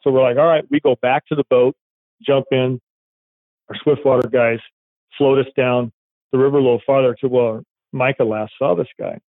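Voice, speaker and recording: A police dog handler telling a story in a rambling, casual way, acting out quoted dialogue. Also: male voice, mid-range voice, fairly even intonation, normal speed, dry recording. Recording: tinny phone-like line, dry.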